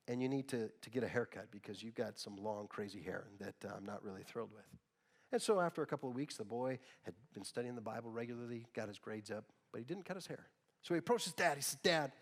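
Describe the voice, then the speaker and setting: A middle-aged man preaching a sermon as pastor, telling stories in an animated way. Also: mid-range voice. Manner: storytelling, with loud bursts of laughter and mimicry. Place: church sanctuary. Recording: long reverb of a church hall.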